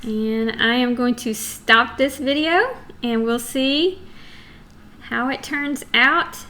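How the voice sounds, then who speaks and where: A woman's voice: a little high, slow, sharp tone. A middle-aged woman with a Texan accent teaching a chatty geography lesson to young students in a screen recording.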